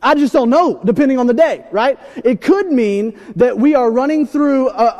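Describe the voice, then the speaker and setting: A young man preaching a sermon, telling stories with animated shouts and asides. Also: extremely high pitch. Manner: animated storytelling, acts out scenes with shouts. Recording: long hall reverb.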